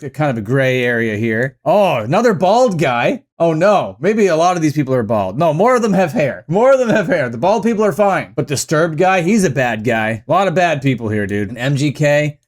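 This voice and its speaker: A man giving sarcastic, mock-confrontational commentary in a casual vlog. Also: on the high side.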